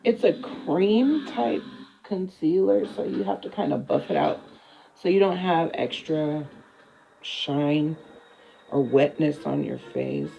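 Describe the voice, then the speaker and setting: A young woman casually talking through her makeup routine for her first vlog, relaxed and easily distracted. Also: deep voice, slow, vocal fry, highs cut off, a little hiss or hum. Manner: relaxed, chatty, talks while working, drifts off to a TV. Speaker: beauty vlogger. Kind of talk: casual makeup tutorial chat.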